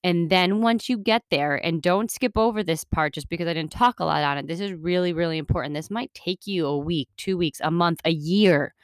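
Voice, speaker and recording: A woman's voice: lowish voice, moderate pace, hardly any pauses, no echo, studio quality. A woman hosting a self-help podcast, talking in an earnest, rambling, motivational way with lots of fillers. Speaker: podcast host.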